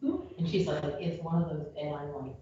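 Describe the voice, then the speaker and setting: A woman's voice: low-pitched, very animated, normal speed, mellow. A woman chatting casually and telling stories with jokey asides. She is heard from far off in a very echoey room. The recording is dull and lo-fi, with faint noise. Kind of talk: casual chat.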